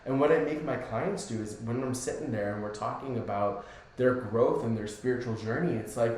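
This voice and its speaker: A man's voice: medium pitch, a little fast, a little mellow. A man, a spiritual coach, chatting casually on a podcast in an easygoing way that keeps checking in with the listener. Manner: easygoing, keeps asking "right?". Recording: very echoey room.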